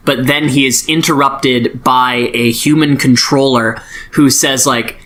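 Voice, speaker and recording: A man on a podcast, chatting through a book summary at an easy middling pitch. He swears freely and slips into short goofy character voices as he goes. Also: fairly even intonation, fairly bright tone. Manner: loose, profane, acts out characters in quick voices. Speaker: podcast co-host. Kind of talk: casual chat recapping a book.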